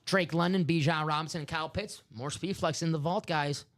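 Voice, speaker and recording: A man hosting a live sports card break stream, chatting casually and excitably with lots of fillers. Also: on the high side, fairly quick.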